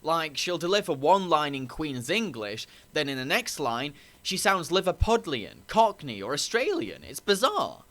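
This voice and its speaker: A man's voice: on the high side, sing-song, unhurried, few pauses, sharp tone. A man narrating a scripted review, opinionated and critical. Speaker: anime reviewer.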